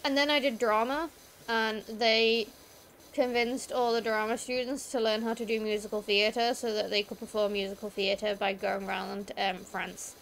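Casual gaming-stream chatter comes from a young British woman who rambles on about school, peppering every story with "like." She talks at a normal speed in a higher-pitched, fairly bright voice with flat delivery, over slight background noise.

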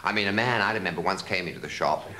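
A man reminiscing in a barber shop, telling lively anecdotes. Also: low voice, fast talker. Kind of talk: chatty reminiscing.

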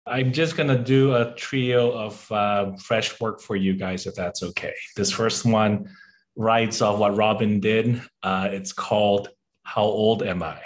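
A man from Singapore reciting his own poetry at an online open mic, delivering each line in a deliberate, measured way over a video call. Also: lowish voice, fairly even intonation. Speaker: spoken-word poet. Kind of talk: performance poetry reading.

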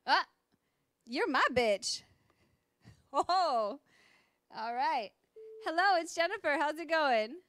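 A woman's voice: high-pitched, animated, slow pace, pauses often, a bit bright, no echo. A woman hosting a live call-in show, chatting casually with callers and laughing often.

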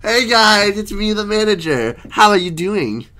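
Man voicing a bossy pizza-shop manager, smug, bright tone, lively lilt, cartoon. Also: high-pitched, measured pace, voice pushed up, heavily acted. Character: greedy boastful male pizza manager. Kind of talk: fan-made object show voice acting.

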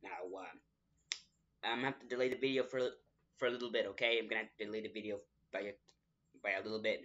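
A man's voice: fairly low pitch, level tone, quick pace, a bit bright. A young man hosting a casual vlog update. He rambles and apologizes, repeating himself, and he has the hiccups. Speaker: channel host. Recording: dull lo-fi recording.

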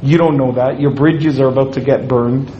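A man's voice: mid-range voice, steady tone, moderate pace, mellow, muffled recording, slight background noise. A man giving a humorous Islamic lecture to an audience, joking and acting out little scenes as he speaks. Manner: joking, playful storytelling with acted-out quotes.

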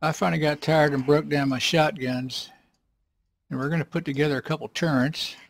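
A man giving casual, rambling commentary while playing a survival game, often clearing his throat. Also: fairly high pitch, steady tone, brisk. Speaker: let's play gamer.

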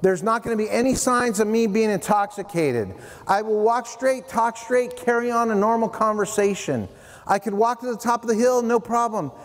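A man giving a playful, animated prevention talk to middle schoolers at a school assembly, addressing them directly. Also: high voice, normal speed. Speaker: youth prevention speaker. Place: middle school hall, indoors. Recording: long hall reverb, faint room noise.

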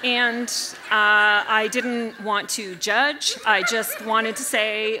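A woman in her forties telling comedic stories on stage, animated and self-mocking, jumping into loud character voices. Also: on the high side, slow, few pauses, background noise. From Canada. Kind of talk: stand-up storytelling talk. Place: stage at a live event.

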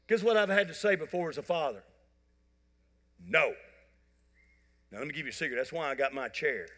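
A man preaching a sermon, telling folksy, joking stories to his congregation. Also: on the high side. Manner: folksy storytelling, animated and joking. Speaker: pastor. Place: church sanctuary. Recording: church hall reverb.

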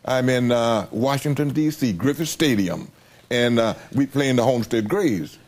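A man's voice: medium pitch, animated, normal speed, darkish tone. Chuckling older male storyteller. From United States. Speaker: interviewee. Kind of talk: storytelling interview.

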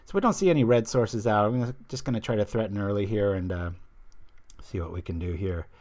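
This stream host talks fast in a lowish, darkish voice. Playing a card game and reading out viewer comments, he's chatty and rambling, and he keeps losing his train of thought.

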